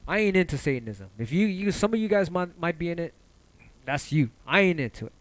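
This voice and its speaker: Talking briskly with no room sound, a livestream host chats loosely and passionately, swearing often and drifting from one idea to the next. He's animated, and excitement makes his pitch leap.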